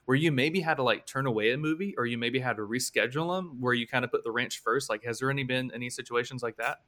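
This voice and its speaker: Bright-voiced chatty podcast host. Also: male voice, mid-range voice, fast. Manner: curious, chatty questions. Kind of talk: casual interview talk.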